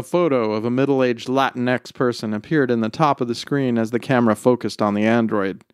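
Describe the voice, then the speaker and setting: A man narrating a short story in a measured, expressive storytelling delivery. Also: medium pitch, clear, resonant tone, no room sound, clean studio sound. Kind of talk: scripted narration.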